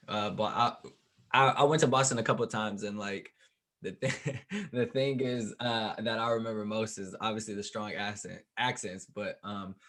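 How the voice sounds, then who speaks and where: Tired, easygoing male podcast host. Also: on the low side. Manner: relaxed, repeats words, laughs often. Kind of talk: casual podcast interview.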